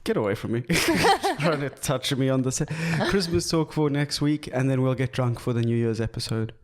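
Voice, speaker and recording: A man's voice: mid-range voice, sing-song. A young man from South Africa co-hosting a comedy podcast, chatting casually with crude jokes and frequent laughter. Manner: jokey, crude, quick to laugh. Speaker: podcast co-host.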